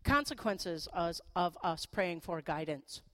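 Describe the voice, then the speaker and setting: A middle-aged woman pastor giving a sermon in a conversational, animated way, with playful asides. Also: on the low side, slow.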